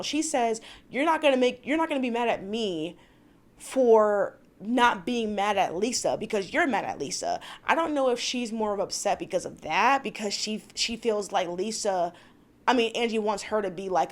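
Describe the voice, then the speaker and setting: Young woman, slightly high pitch, casual vlog recapper with blunt, exasperated opinions. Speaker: reality TV recap vlogger.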